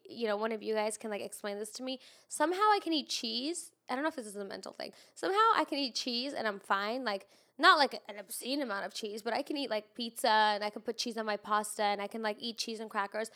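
A woman's voice: a little high, a bit bright. A young woman with a congested, nasal voice, chatting casually with lots of "like" and some swearing. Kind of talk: casual chat.

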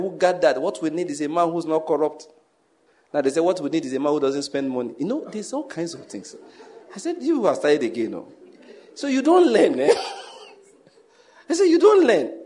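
A man, preaching a sermon as pastor, reading scripture slowly and leading the congregation in repeated prayer. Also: fairly high pitch, darkish tone.

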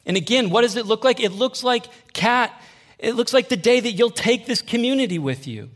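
Animated man preaching a sermon. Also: extremely high pitch, a little fast. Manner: animated, conversational preaching with call-and-response. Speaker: young adults pastor.

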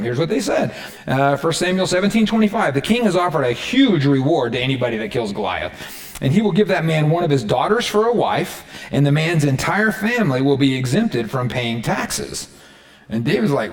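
A man's voice: on the high side, a little fast. A man preaching a sermon in a casual, conversational way, retelling a story and checking in with his listeners. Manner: conversational, animated, keeps checking in with the audience. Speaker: pastor.

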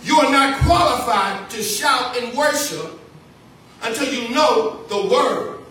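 A man's voice: very high voice, lively intonation, slow pace, sharp tone. A man preaching a sermon from the pulpit as pastor, repeating key phrases and calling out to his congregation. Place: church sanctuary. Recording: echoey church hall, distant mic, faint noise.

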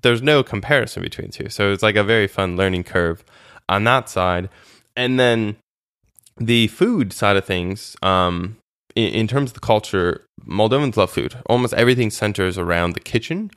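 A man with a low, smooth, resonant voice recounts his volunteer years in a relaxed interview. He talks in a chatty, animated way, full of fillers and restarts. The sound is dry and close, with no room around it. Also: moderate pace, dry recording. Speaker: interview guest, former volunteer. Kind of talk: casual conversational interview.

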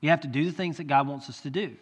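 A man's voice: fairly high pitch, fast, husky. Earnest preacher man in a reverberant hall. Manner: earnest, rises to loud pleading when quoting. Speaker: pastor. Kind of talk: sermon. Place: church sanctuary. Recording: long church hall reverb.

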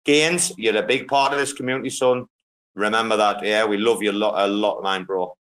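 A man's voice: lowish voice, fairly even intonation, a little fast, fairly bright tone. A man hosting a casual online audio chat, swearing freely and joking with his guests. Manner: profane, joking banter. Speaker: host.

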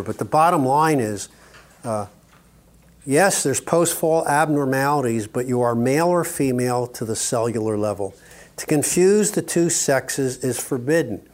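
There's a little hiss or hum behind this older man's medium-pitched voice as he delivers a teaching talk in the manner of a sermon at a conference. He stresses his points emphatically, drifts into jokes now and then, and keeps checking in with "okay?"

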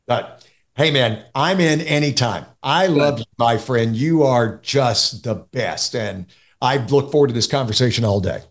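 A man who is a guest on a podcast, telling stories in a lively way and laughing easily. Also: mid-range voice, unhurried. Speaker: podcast guest, radio station owner. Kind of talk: casual interview chat.

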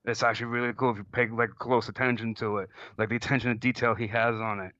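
A man with a bright, crisp voice talks loosely about a film, dropping frequent "um"s and laughing easily. His sound is dry and a bit dull in its top end. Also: mid-range voice, level tone, fast, no room sound. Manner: laughs often, filler-heavy. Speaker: podcast co-host. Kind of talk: casual movie discussion.

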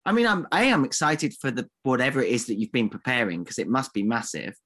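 A man co-hosting a podcast in a relaxed, playful way, slipping into mock outrage and flowery, old-fashioned insults. His voice sits at an ordinary pitch, and he keeps things jokey. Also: quick pace. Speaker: podcast co-host. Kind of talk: casual podcast banter.

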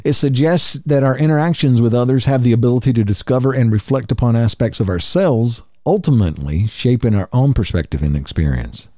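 A man hosting a podcast, calmly reading spiritual quotes and explaining each one. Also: mid-range voice, brisk, hardly any pauses, no room sound, clean studio sound. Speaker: podcast host.

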